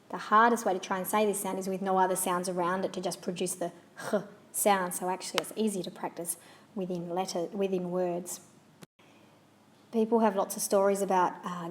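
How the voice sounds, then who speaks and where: Patient woman teaching French sounds. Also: medium pitch. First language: English. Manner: patient, repeats model words slowly and carefully. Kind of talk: slow, clear pronunciation lesson.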